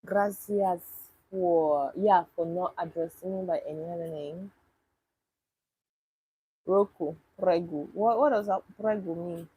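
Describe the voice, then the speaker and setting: Husky woman chatting on a livestream. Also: lowish voice, unhurried, pauses often, mellow, low-quality recording. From Nigeria. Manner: chatty, answers viewers' questions with wry disbelief. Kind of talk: casual livestream chat reading comments.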